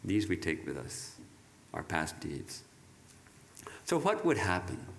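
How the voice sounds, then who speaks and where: Calm lower-voiced man giving a sermon. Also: vocal fry, slight background noise. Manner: measured, reflective, with halting restarts. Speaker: monk giving a talk.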